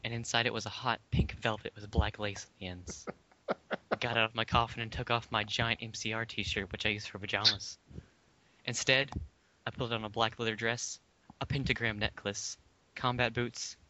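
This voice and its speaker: A man's voice: lowish voice, bright, forceful tone, slight background noise. A man, a podcast guest, reading fan fiction aloud with mock-earnest flourishes. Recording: dull lo-fi podcast audio.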